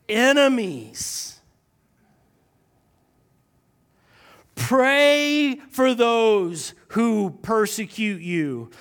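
A man preaching a sermon, slowing down to stress key lines and using dry sarcasm. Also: extremely high pitch, a bit bright.

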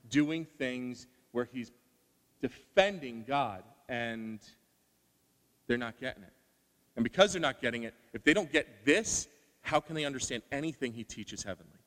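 A man preaching a sermon, animated and asking rhetorical questions, acting out the voices he quotes. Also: medium pitch, in a large hall.

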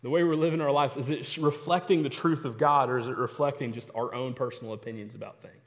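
A man's voice: mid-range voice, fast talker. A young adult man preaching a sermon, telling stories and repeating phrases for emphasis. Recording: long hall reverb.

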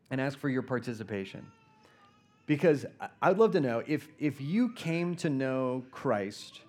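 A man giving a sermon as a guest preacher, earnest and storytelling, who drops into soft prayer at times. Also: on the high side. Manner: earnest, storytelling, pauses and prays softly.

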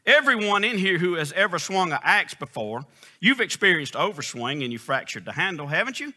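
A pastor preaches with emphatic, folksy storytelling and repeated phrases. His voice sits high and ranges widely. His tone is bright and forceful. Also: big pitch swings, a little fast. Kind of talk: sermon.

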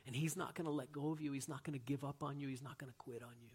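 A man preaching a sermon as a pastor, earnest, moving from loud emphatic lines to quiet, hushed ones. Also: medium pitch, fairly even intonation, rapid-fire, breathy edge.

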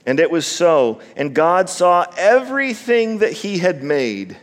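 A man preaching a sermon with emphasis, slowing down to stress key words and repeating himself as he builds a point. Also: sits high, sing-song. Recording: long reverb of a large hall.

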